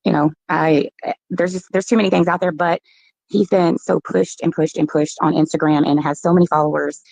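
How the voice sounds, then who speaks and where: A woman's voice: fairly low pitch, fairly even intonation, fairly quick, vocal fry, a little mellow, no room sound, rough recording. A woman talking at length as an interview guest, rambling with many fillers.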